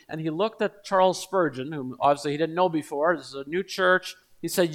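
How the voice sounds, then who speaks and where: Male preacher, high-pitched voice, earnest sermon delivery that builds to insistent repetition. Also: fairly quick, few pauses, fairly bright tone. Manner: earnest, builds to emphatic repeated appeals.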